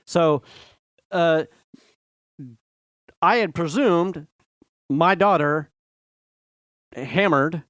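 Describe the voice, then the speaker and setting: A middle-aged man co-hosting a podcast, telling a rambling, animated story in casual chat and acting out quotes. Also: on the high side, extremely slow, long pauses, no room sound, clean studio sound. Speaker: podcast co-host.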